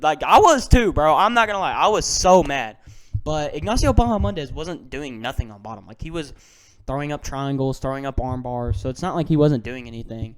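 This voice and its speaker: A young man talks through fight results in a loose, slangy rant, dropping to mutters and then flaring into loud outbursts. His voice is smooth and clear at a middling pitch. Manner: excitable, ranting, slangy, swings from mutters to shouts. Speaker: MMA fan vlogger. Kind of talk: casual fight breakdown.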